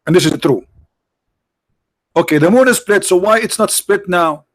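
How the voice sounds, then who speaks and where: A man hosts a livestream of religious debate commentary, mocking and sarcastic in tone, with broken English phrasing. His voice sits a little higher than most men's. The sound is dry and close, with no room echo. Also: moderate pace. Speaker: livestream host.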